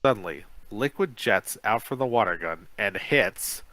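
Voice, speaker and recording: A man's voice: fairly low pitch, expressive, measured pace, bright, forceful tone, no room sound, low-quality recording. A male podcast co-host reading a children's gamebook aloud in a casual way, sometimes stumbling over words.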